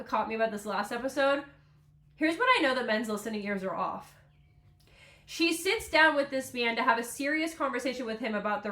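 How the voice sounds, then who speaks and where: A woman hosts a casual solo podcast in a high, sharp voice, chatting emotionally, rambling, and laughing often. The sound is reverberant.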